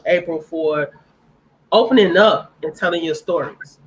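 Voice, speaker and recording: A woman's voice: on the low side, a little slow, a little hiss or hum, low-quality recording. A woman speaking on a live-stream panel, earnest and heartfelt, repeating phrases for emphasis.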